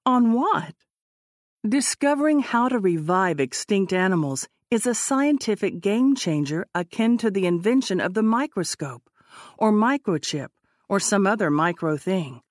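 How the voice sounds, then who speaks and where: A woman narrating an audiobook in a measured, expressive way. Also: medium pitch, no room sound, clean studio sound.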